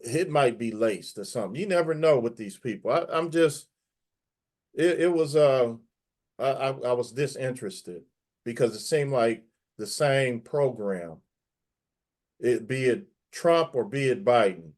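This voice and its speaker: A man's voice: medium pitch, expressive, unhurried, darkish tone. Man, panel guest, opinionated, emphatic, repeats words. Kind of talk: casual panel discussion.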